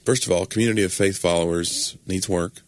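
A man with a fairly low voice, trading dry, understated wisecracks in a casual podcast chat. He sounds relaxed and deadpan, and the recording is close and dry. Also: a little fast, dry recording. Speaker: comedian and podcast guest.

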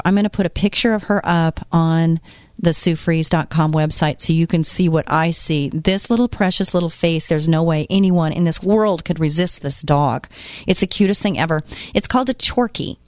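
A woman's voice: sits low, normal speed, a little mellow, no room sound. A woman in her fifties hosting a faith talk show, asking the listener question after question and chatting about her own life. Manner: asks the listener many questions; chatty, tells personal stories. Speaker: radio show host. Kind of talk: casual faith talk monologue.

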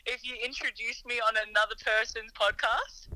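A woman's voice: a little high, fairly even intonation, normal speed, bright, forceful tone, no room sound. A woman calling in casually, giggly and playful, heard over a phone line. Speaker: caller, host's girlfriend.

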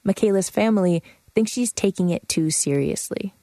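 A woman narrating a radio feature in a measured, matter-of-fact scripted way. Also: mid-range voice, mellow, no room sound.

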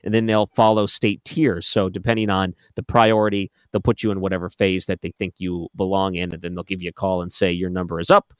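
Chatty low-voiced male radio host. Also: little pitch movement, fairly quick, hardly any pauses, clear, resonant tone, no echo, studio quality. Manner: chatty, joking asides. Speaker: radio talk show host. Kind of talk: casual talk radio. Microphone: studio microphone.

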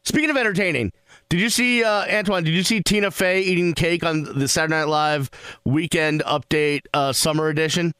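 A man hosting a call-in sports radio show, animated and rambling with laughter. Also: on the high side, a little fast, clean tone, no room sound.

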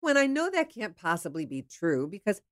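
A woman's voice: mid-range voice, big pitch swings, normal speed, no room sound, clean studio sound. A woman from the Pittsburgh area candidly telling a personal dating story in a frank, chatty way, with the odd swear. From Pittsburgh area, USA. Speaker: storyteller sharing her dating life.

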